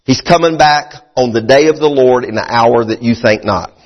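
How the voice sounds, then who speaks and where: A middle-aged man preaching a sermon as a pastor, a little out of breath. He repeats his phrases and swings between high, fervent bursts and low, chatty asides. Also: normal speed. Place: church sanctuary. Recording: muffled sound in a hall with long reverb.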